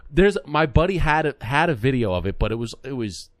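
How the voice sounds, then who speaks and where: A man in his thirties co-hosts a podcast in a studio, spinning a story and acting out the other people in it with lively energy. His voice is recorded close and dry, at a middle pitch. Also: fairly quick, dry recording. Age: 30s. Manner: animated, acts out the voices in his stories. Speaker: podcast co-host. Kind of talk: casual storytelling chat.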